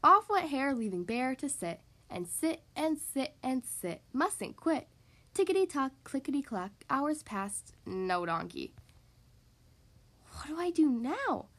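A woman hosting a podcast, reading a picture book aloud to young children in an animated, sing-song way. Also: high-pitched, a little slow. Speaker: podcast host reading to kids. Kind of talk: children's storybook read-aloud.

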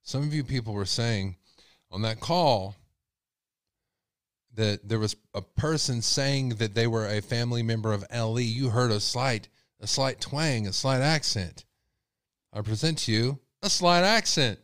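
A man's voice: mid-range voice, a little slow, no room sound, clean studio sound. A man hosting a podcast, giving sarcastic, jumpy true-crime commentary and talking straight to his listeners. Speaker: podcast host.

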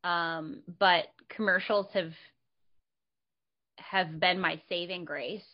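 A woman actor chatting casually, animated and candid, acting out her own past reactions and swearing freely. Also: lowish voice, slow. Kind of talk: casual conversation. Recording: dull lo-fi sound.

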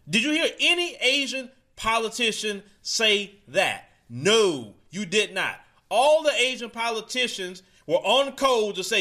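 A man's voice: extremely high pitch, big pitch swings, measured pace, sharp tone. A man delivering a heated opinion monologue straight to his audience, preachy and casual, mocking the people he quotes. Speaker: commentator.

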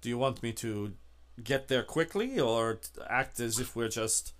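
A nervous middle-aged chauffeur answers in a low, hushed voice, as a man acts him out. He stammers and hesitates, polite to a fault, in a tabletop role-playing game. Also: unhurried, natural voice. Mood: deferential.

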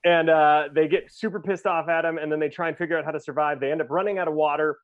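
A man with a voice on the higher side, talking fast and excitedly as he rambles through a film recap and laughs along the way. The sound is dry and close, with a slightly muffled, lo-fi edge. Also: dry recording. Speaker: podcast co-host. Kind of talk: casual chat, fast plot recap.

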